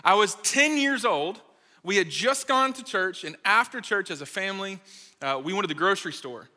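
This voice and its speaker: A man giving a playful, lively sermon to a live audience, joking and talking straight to the crowd. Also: high-pitched, moderate pace. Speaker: speaker at a college ministry gathering. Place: large hall with live audience. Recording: reverberant hall.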